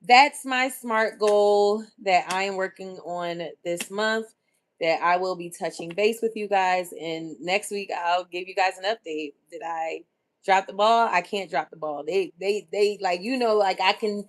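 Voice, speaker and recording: A middle-aged woman hosts a live stream in a loose, chatty way, reading out viewers' comments and reacting openly. Her voice sits at an ordinary pitch for a woman, and her talk is emotional and personal. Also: a little slow. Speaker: livestream host. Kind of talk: casual livestream chat.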